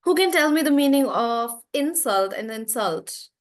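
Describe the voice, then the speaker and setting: A woman's voice: high voice, expressive, moderate pace. A young woman with an Indian English accent teaching an online English class, chatty, giving example sentences and stories.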